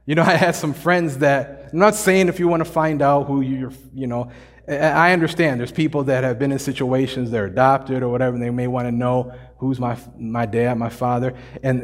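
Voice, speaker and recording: A male pastor preaching a sermon in a relaxed, joking, slangy way. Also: medium pitch, big-room sound. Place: church sanctuary.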